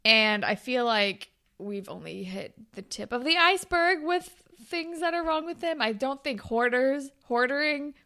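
A woman's voice: high-pitched, animated, a little slow, few pauses, bright, forceful tone. A woman co-hosting a podcast, chatting casually about a TV episode, acting out the characters' lines and laughing often. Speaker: podcast co-host. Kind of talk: casual chat recapping a TV episode.

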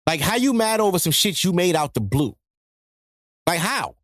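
A man hosts a podcast, talking in a high-pitched voice. He rants in a profane, joking style. The sound is dry and close, with no room echo. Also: big pitch swings, normal speed, a bit bright. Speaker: podcast host. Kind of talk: casual monologue.

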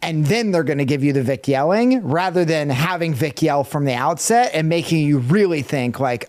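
Man, high-pitched, dry close sound, casual movie podcast, animated, swears. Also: moderate pace, few pauses, no echo. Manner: animated, swears, acts out quotes. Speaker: podcast co-host. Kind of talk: casual movie review chat.

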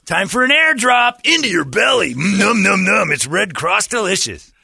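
A man doing a mocking impression of a loud, pushy male celebrity chef with hammy salesman patter. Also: high-pitched, very animated, moderate pace, vocal fry, husky, no echo, clean studio sound, voice pushed up, heavily acted.

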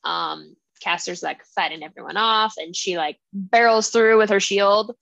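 A woman's voice: mid-range voice, a little slow, gravelly, fairly bright tone, no echo, highs cut off. A woman co-hosting a casual book club podcast, animatedly recapping the plot and acting out the characters' lines. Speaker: podcast co-host.

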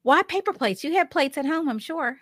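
A woman's voice: high-pitched, lively intonation, a little fast, a bit bright, no echo. A middle-aged woman co-hosting a casual podcast, chatting and often searching for words. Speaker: podcast co-host. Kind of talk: casual chat.

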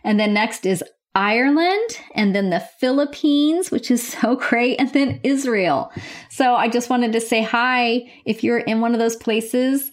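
A nurse hosts her nursing podcast from her home office, chatting in a bubbly, enthusiastic, casual way. Her voice is on the high side and her pace measured.

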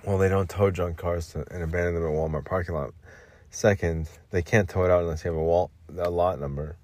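A man's voice: low voice, steady tone, brisk, darkish tone. A man hosting his own podcast in a rambling, profane, joking comic monologue. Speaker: podcast host.

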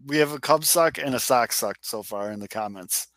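A man's voice: medium pitch, normal speed, fairly bright tone. A man co-hosting a sports podcast, telling stories animatedly and swearing casually. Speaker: podcast co-host.

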